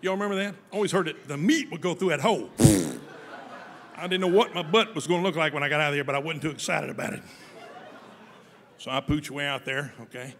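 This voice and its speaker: A man telling a humorous story to an audience, folksy and lively, often laughing as he goes. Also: a little high, fast talker, big-room sound, a little hiss or hum.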